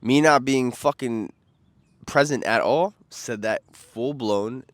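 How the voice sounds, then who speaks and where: A young man from New York with a New York accent, rambling casually and excitably about a trip, slangy and profane, losing his train of thought. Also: medium pitch, takes it slowly, no room sound. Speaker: vlogger.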